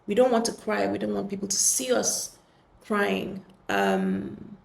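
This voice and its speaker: A woman hosting a podcast, speaking earnestly and gently in a reflective solo talk, with many pauses and restarts. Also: medium pitch, huge pitch swings, gravelly, roomy sound. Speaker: podcast host.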